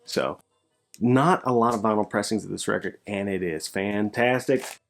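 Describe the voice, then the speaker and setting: A male record collector chats through his recent finds in a casual vlog. He gets excitable, his voice leaping up when he is thrilled before settling back low. Faint music plays quietly behind him. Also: moderate pace, vocal fry. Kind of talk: casual show-and-tell vlog.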